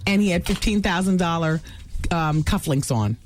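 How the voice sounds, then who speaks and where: A woman hosts a radio show, rattling through celebrity gossip with chatty asides and quick self-corrections. She sounds like she is in a studio broadcast with soft music faintly underneath. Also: fairly low pitch. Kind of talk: casual celebrity gossip talk.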